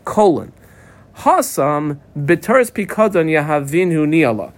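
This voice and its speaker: A man's voice: a little high, normal speed. A man teaching a Talmud class, reading the text and translating it line by line as he marks up the page. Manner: reads Aramaic text then translates, animated, marks up the text aloud. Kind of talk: daf yomi Gemara class.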